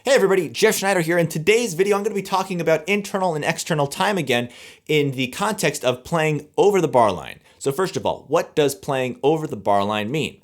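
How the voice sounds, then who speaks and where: A man teaching music to camera, explaining rhythm in a relaxed, conversational way and scat-singing the beats as he counts. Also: fairly high pitch, a little fast.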